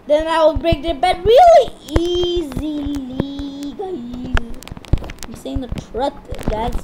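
A woman talks through her game in a high, slow, unhurried voice, breaking into excited repeated outbursts. The recording is noisy, with clicking in the background. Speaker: gaming channel host. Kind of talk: live game commentary.

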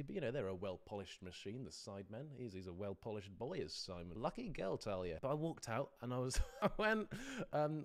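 A man's voice: medium pitch, very animated, brisk. A man streaming a reaction to his own stand-up performance, talking casually, self-deprecating and laughing often.

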